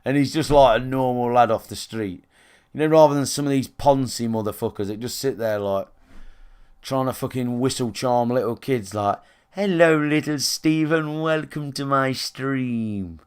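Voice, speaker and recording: A man's voice: medium pitch, fairly even intonation, moderate pace, darkish tone, clear, resonant tone. A man, chatting bluntly and rambling to his live stream viewers from his own room. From England. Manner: blunt and sweary, rambling with restarts and fillers. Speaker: game streamer.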